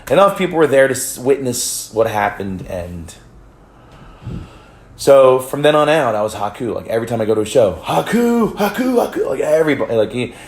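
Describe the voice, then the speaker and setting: This American vlogger rambles through a casual story, often starting over and mixing in swears and laughter. His medium-pitched voice is expressive and brisk, recorded in an echoey room.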